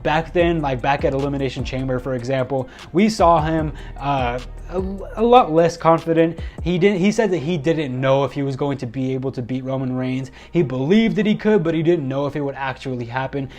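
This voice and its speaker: A man giving a casual, excitable spoken recap of a wrestling show, rambling and restarting his sentences often. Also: mid-range voice, fairly quick, soft background music.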